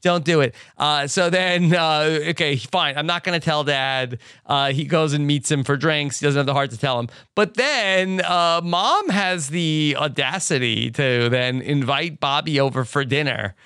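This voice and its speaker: Male host, easygoing plot recap, smooth bright tone, dry asides. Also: fairly high pitch, measured pace, few pauses, dry recording. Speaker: podcast host. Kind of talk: casual recap chat.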